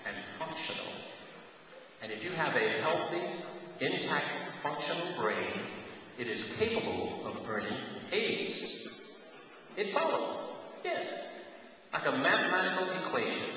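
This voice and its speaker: A man in his sixties giving a talk to students, animated and teasing, asking the audience questions. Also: on the high side. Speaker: guest speaker at a school. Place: school auditorium or hall. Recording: echoey hall recording from far off, hissy.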